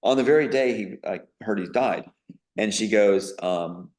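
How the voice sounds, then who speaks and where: A man with a somewhat low-pitched voice speaks as a guest in an interview. He tells a long personal story in a rambling way. His tone is emphatic and indignant, and his sentences are broken up by ums and uhs. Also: a little slow, a little mellow. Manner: emphatic, indignant, with frequent fillers.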